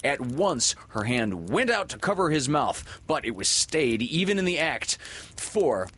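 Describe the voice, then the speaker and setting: A man reading a children's story aloud in an expressive, dramatic way. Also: on the high side, normal speed, breathy edge.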